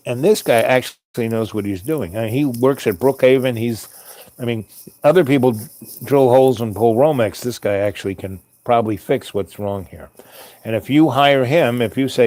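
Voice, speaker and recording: A man's voice: mid-range voice, moderate pace, darkish tone, no room sound. A man telling a long personal anecdote in a loose, meandering way, full of asides and restarts. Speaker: storyteller.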